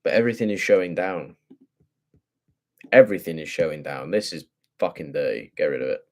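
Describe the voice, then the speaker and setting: A man's voice: sits low, brisk. A young man casually talking through forex charts, thinking aloud in profane, slangy speech. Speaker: forex trader.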